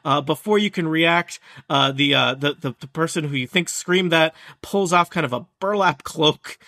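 Bright-voiced man running a tabletop game. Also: a little high, moderate pace. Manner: hesitant, many fillers and restarts. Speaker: game master.

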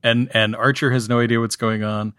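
A man's voice: mid-range voice, fairly quick. A man with a mid-range voice picks apart an episode in casual podcast chat, dry and sardonic in his manner. He is heard close and dry, with no echo. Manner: wry and critical, mimicking lines in a lively, mocking voice. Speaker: podcast co-host.

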